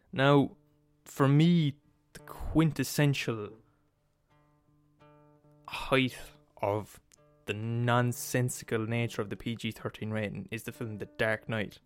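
Male podcast host, mid-pitched, sweary comic rant with faint guitar music underneath. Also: clear, resonant tone. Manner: profane, emphatic, laughs at his own points. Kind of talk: comedic rant.

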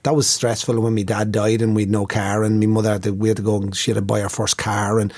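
A man's voice: lowish voice, level tone, fast, a little mellow. An Irish man in casual chat, earnestly telling anecdotes and repeating himself.

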